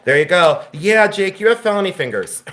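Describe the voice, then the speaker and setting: A man's voice: sits high, lively intonation, brisk, a bit bright. A man from Ohio hosting a live-stream auction sale, calling prices and bantering and teasing viewers.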